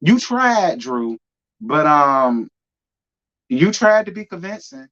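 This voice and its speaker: A man's voice: on the high side, big pitch swings, slow pace, bright, forceful tone. A man hosting a live reality TV review, talking in a sassy, emphatic way and repeating lines for effect. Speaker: reality TV recap host. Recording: muffled lo-fi audio.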